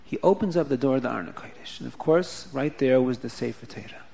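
A man telling a story aloud, animated and repeating phrases for emphasis. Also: medium pitch, fast, vocal fry. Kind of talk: oral storytelling.

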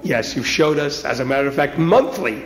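A man voicing a tipsy, boastful businessman who talks in a lower, swaggering voice. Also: lively intonation, moderate pace, background noise, natural voice. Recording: roomy echo.

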